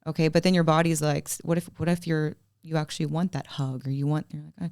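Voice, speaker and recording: A woman mental health counselor in casual podcast chat, telling stories animatedly with quick asides. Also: deep voice, steady tone, a little mellow, smooth, no room sound, clean studio sound.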